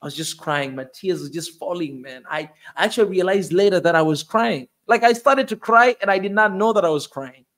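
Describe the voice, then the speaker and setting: A man's voice: high-pitched, expressive, fairly quick, hardly any pauses, a bit bright. A man in his forties, a video host giving a fervent, preachy motivational talk and repeating phrases for emphasis. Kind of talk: impassioned motivational monologue.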